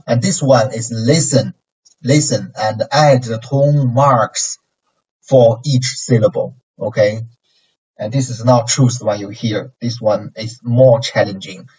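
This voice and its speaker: A man with a Chinese accent leads a pronunciation lesson, speaking slowly and patiently. His voice is a little husky. It is recorded at a distance on a dull, lo-fi mic. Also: mid-range voice, darkish tone. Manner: patient, repeats syllables slowly with exaggerated tones. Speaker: Chinese language teacher.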